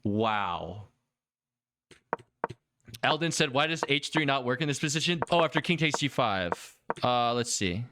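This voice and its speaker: Excitable guy reviewing chess games on stream, voice jumps all over, keeps talking to chat. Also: mid-range voice, measured pace, pauses often, background noise. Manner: excitable, exclaims and laughs often, talks to chat.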